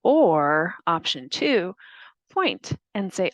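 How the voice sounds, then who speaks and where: A woman explains testing rules to school staff in a clear, deliberate, instructional way. Her voice sits a little low. The recording is dry and close, with no room sound. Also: expressive, no echo. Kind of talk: scripted training narration.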